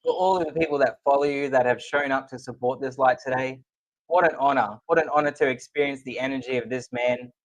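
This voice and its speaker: Male co-host, sincere and heartfelt, mid-pitched voice. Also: fairly even intonation, fast talker. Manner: earnest, heartfelt tribute. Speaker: podcast co-host. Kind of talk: casual podcast chat.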